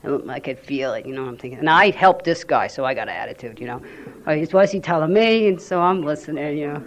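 A woman sharing her personal recovery story at a meeting, telling it in an animated way and acting out what people said. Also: low voice, fast, slight background noise.

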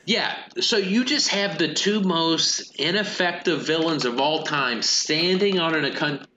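A man's voice: on the high side, unhurried, bright, forceful tone, roomy sound, a little hiss or hum, low-quality recording. A man co-hosting a casual comedic movie discussion, rambling and acting out silly villain voices. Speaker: podcast co-host.

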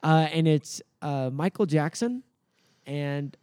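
Mellow-voiced man chatting on a podcast. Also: on the high side, expressive, slow, clear, resonant tone, no echo, studio quality. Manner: rambling, frequent uh fillers, amused. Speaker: podcast co-host. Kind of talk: casual chat recapping comedy sketches.

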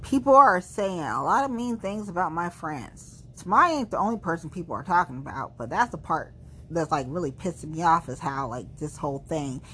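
A woman hosting a podcast, venting in a heated, emphatic way after a few drinks, rushing some words and drawing others out. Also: lowish voice, animated, pushed and bright, a little hiss or hum. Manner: heated, emphatic, quick bursts between slow drawn-out words. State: tipsy after several drinks. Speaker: podcast host. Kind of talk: casual venting monologue.

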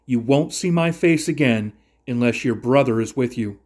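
A man's voice: medium pitch, moderate pace, a little mellow, lightly acted. A man voicing a grown brother who pleads urgently with his father and vows to protect his youngest sibling. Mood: firm. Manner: urgent, persuasive.

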